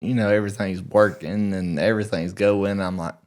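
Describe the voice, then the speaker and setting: A man with a notably deep voice chats casually on a podcast. He tells long, rambling stories about fatherhood and often trips over his words and restarts. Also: steady tone, a little fast, a little mellow. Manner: rambling, stammering storyteller. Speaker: podcast co-host. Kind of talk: casual chat.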